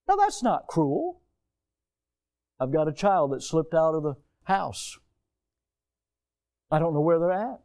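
A middle-aged man preaches with an emphatic, high-set voice that jumps from near-shouting to a hushed hush. He keeps asking the congregation questions and repeating points to drive them home. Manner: emphatic, rhetorical questions, swings between loud and hushed. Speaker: pastor. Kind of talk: sermon.

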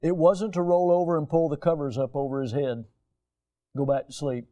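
A middle-aged male pastor preaching a sermon, emphatic and fond of rhetorical questions, swinging between loud and hushed delivery. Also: a little high, little pitch movement, normal speed.

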